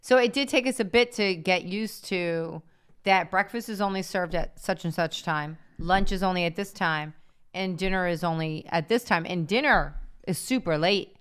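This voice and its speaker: A middle-aged woman co-hosting a casual chat show, telling travel stories in a lively way and laughing often. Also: on the low side, clean tone. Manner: lively storytelling, quick to laugh. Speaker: co-host.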